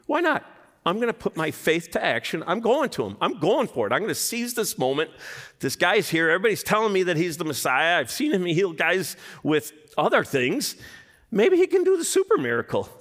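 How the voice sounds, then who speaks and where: A man voicing a desperate, hopeful man with leprosy, his pitch leaping upward in excitement. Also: a little fast, exaggerated voice. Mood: eager, excited.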